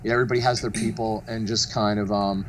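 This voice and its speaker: A man telling stories casually as a podcast guest, rambling and animated with lots of fillers and swearing. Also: lowish voice, fast talker, a little hiss or hum. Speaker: guest, mask artist and studio founder. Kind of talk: casual storytelling chat.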